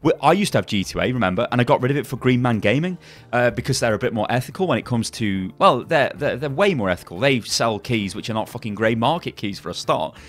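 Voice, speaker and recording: A man's voice: mid-range voice, lively intonation, fast talker. A man hosting a gaming channel, ranting angrily with heavy swearing and frequent restarts. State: angry. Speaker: YouTube gaming channel host. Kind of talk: angry commentary video.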